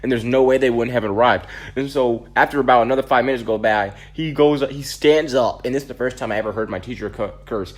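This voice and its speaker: Animated man telling a storytime tale. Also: mid-range voice, fast, hardly any pauses. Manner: animated, dramatic, slangy retelling. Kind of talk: casual storytime monologue.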